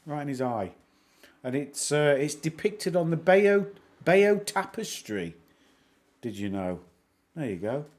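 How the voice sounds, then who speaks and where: A man's voice: fairly high pitch, very animated, a little slow, pauses often, darkish tone. A middle-aged Northern English man hosting a livestream, chatting in a rambling, joking way with music playing behind him. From England. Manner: chatty, rambling, self-mocking jokes. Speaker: livestream host. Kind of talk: casual livestream chat. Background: background music.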